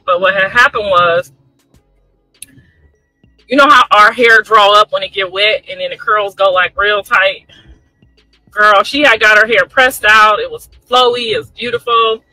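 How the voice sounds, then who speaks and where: A middle-aged woman casually telling a family story, chatty and animated, talking straight to her listeners. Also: medium pitch, a little slow, long pauses, no room sound, faint music behind, poor audio.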